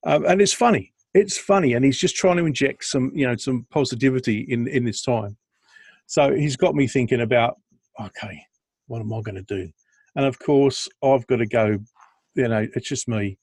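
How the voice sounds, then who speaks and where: A male podcast co-host trades jokes and meandering stories over a video call, often restarting and breaking into laughter. His mid-range voice moves at normal speed, a little mellow and slightly rough, recorded without echo.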